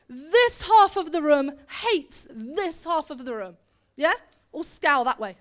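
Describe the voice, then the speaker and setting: A woman's voice: high-pitched, a little slow. A woman leading a seminar, telling a Bible story to a group and acting out the characters. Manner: animated, acts out characters with put-on voices. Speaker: seminar speaker. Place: meeting hall or seminar room.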